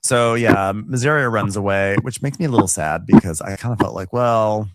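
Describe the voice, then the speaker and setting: A man's voice: on the low side, normal speed, no room sound. A man co-hosting a podcast, chattily recapping a TV episode and acting out the characters. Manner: chatty, laughs easily, acts out the characters. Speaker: podcast co-host.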